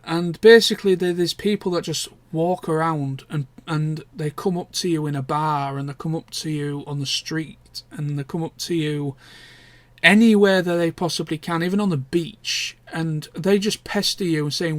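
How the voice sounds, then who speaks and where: A man's voice: a little high, fairly even intonation, moderate pace, no room sound. A young man, chatting casually and candidly in a rambling vlog catch-up, with the odd swear word. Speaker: vlogger. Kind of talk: casual chat.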